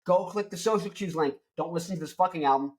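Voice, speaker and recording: A young man hosting a rock show, joking and rambling loudly, with crude asides. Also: high-pitched, quick pace. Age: young adult. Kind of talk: rambling comedic music talk.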